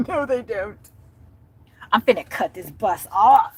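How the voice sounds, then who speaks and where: A woman's voice: on the high side, lively intonation, takes it slowly, slightly rough, low-quality recording. A woman livestreaming from behind the wheel as a delivery driver, chatting casually and rambling, with profane road-rage outbursts. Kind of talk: casual livestream chat while driving. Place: inside a car in city traffic. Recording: loud road and engine noise.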